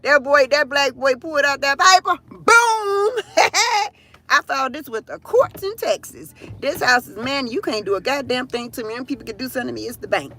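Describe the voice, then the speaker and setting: A middle-aged woman chatting on a live stream with a high, sharp voice. She rants loudly and profanely with lots of animation, speaking into her phone while standing outside near a car. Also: fast, hardly any pauses. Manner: loud, profane, animated ranting. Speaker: livestream host. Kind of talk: casual live-stream chat.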